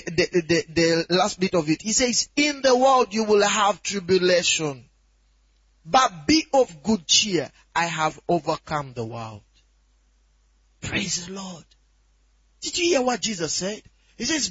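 A man preaching a sermon, emphatic, rising to shouts and a crying tone on scripture. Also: sits high, sing-song, slow, pauses often, slightly rough, no echo. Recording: dull lo-fi dry sound.

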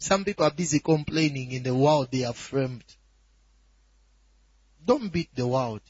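A man preaching a sermon, emphatic, rising to shouts and a crying tone on scripture. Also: medium pitch, unhurried, breathy edge, no room sound. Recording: dull lo-fi dry sound.

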